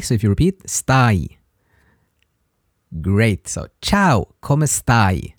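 A man hosting a podcast and teaching a language lesson, patiently repeating short phrases slowly for listeners to practice. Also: mid-range voice, sing-song, darkish tone, no echo, studio quality. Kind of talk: slow spoken language lesson.

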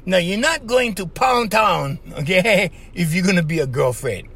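Animated man with a lively voice. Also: sits high, moderate pace, vocal fry, slightly rough. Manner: animated, laughs often, acts out little voices. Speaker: podcast host. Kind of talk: casual monologue giving dating advice.

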